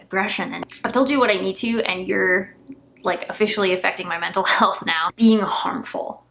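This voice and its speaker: A woman's voice: mid-range voice, fairly bright tone. A young woman vlogger candidly recounting a painful family argument, emotional and close to tears at times. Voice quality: gravelly fry. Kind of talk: candid personal vlog storytelling.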